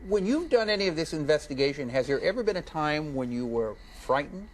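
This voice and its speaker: A man with a fairly high voice hosts a casual TV interview from a studio. He is inquisitive and often restarts his questions by repeating words. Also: very animated, brisk. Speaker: TV talk show host.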